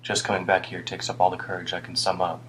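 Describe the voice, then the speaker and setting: A man's voice: deep voice, flat delivery, fast talker, a bit bright, a little hiss or hum, poor audio. A man doing a weary, rambling homeless man. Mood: rueful. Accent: British. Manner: rambling, rueful, muttering at times. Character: weary homeless British man, older, rambling and self-reproaching.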